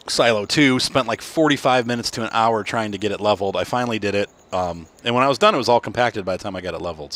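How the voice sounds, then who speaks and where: A tired gaming channel host with a low but slightly bright voice plays through a farming game casually. He rambles, yawns, and keeps correcting himself as he talks.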